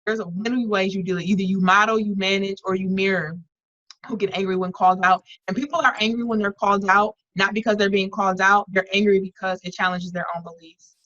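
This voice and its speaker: A woman's voice: medium pitch, steady tone, fairly quick, a bit bright, no room sound, lo-fi sound. A woman leading an online workshop, talking earnestly and conversationally with frequent restarts and fillers over a video call. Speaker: workshop facilitator.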